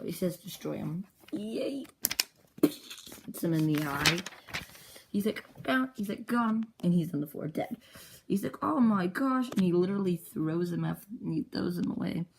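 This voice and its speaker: A woman with a fairly low voice and vocal fry excitedly recounts the story of her own comic journal, rambling casually and slipping into brief character voices. There's background noise.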